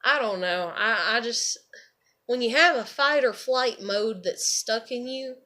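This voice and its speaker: A woman's voice: on the high side, measured pace, pushed and bright. A woman rambling casually to camera, swearing freely and leaning on "you know" and "like.". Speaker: vlogger.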